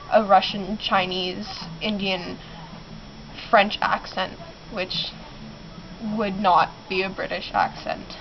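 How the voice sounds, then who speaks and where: A teenage girl who is sick, rambling and giggling through a casual vlog from her bedroom, with many ums. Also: medium pitch. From Canada. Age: teens. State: sick, clearing her throat. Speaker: vlogger. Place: bedroom in a basement. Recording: muffled lo-fi with clear background noise.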